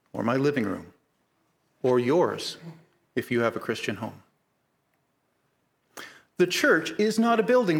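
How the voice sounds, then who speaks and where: A middle-aged man preaching a sermon, earnest and measured, slowing down to stress key points. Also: mid-range voice. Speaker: pastor.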